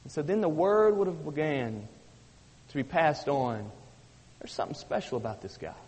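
Male pastor, mid-high voice, emphatic repetitive sermon delivery, long hall reverb. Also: expressive, moderate pace, a little mellow, husky. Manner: emphatic preaching with heavy repetition.

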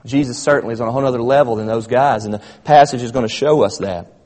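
Pastor preaching in a reverberant church. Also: male voice, mid-range voice, fast talker, darkish tone. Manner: preaching with rising emphasis, calls the congregation "church". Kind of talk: sermon. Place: church sanctuary.

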